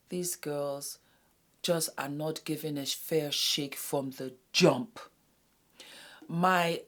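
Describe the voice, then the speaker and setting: A low-pitched woman from West Africa hosts her own commentary video. She talks earnestly to her viewers as "my darlings" and often drops into a hushed whisper to press a point home. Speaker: YouTube host. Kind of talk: casual commentary to camera.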